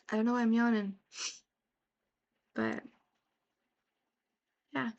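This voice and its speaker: A woman vlogger giving a casual, rambling personal update, repeating herself, with fillers and soft laughs. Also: medium pitch, fairly even intonation, unhurried, vocal fry, long pauses.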